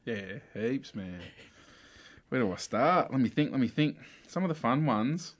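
An Australian man telling childhood stories in a relaxed, casual chat full of slang. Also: medium pitch, a little slow. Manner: relaxed storytelling with slang and laughs.

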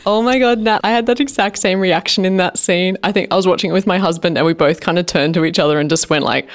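A woman guest on a podcast, chatting casually and quickly. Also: on the low side. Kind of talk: casual chat.

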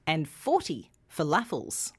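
A woman's voice: sits low, wildly swooping pitch, slow pace, husky. A woman presenting a pronunciation lesson, carefully modelling words for learners to repeat. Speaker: English pronunciation teacher.

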